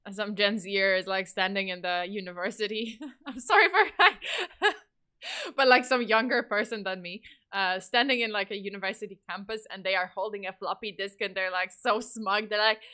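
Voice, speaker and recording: Bright-voiced woman streamer rambling casually. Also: mid-range voice, moderate pace. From Poland. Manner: rambling, swearing, laughing a lot. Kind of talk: casual livestream chat.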